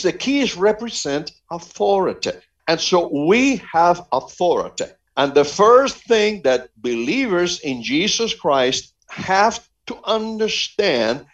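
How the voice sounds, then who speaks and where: A man from Cuba, an evangelist guest, speaking fervently in a preaching style and repeating phrases for emphasis. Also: high voice. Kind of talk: preaching-style interview talk. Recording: muffled lo-fi audio.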